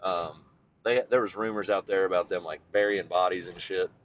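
A man co-hosting a podcast, telling a childhood story in casual chat, swearing freely, and getting animated as he goes. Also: moderate pace, lo-fi sound, slight background noise. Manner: animated, swears freely, voice jumps high when excited. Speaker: podcast co-host.

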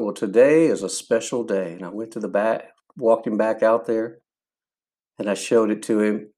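Earnest man telling a faith story. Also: fairly low pitch. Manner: earnest, animated storyteller acting out quotes. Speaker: podcast host.

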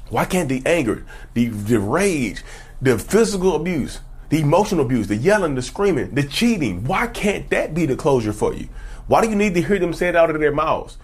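Husky, animated man giving advice. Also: a little high, normal speed. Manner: emphatic, preachy, piles up rhetorical questions. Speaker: self-help YouTuber. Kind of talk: casual direct-to-camera advice talk.

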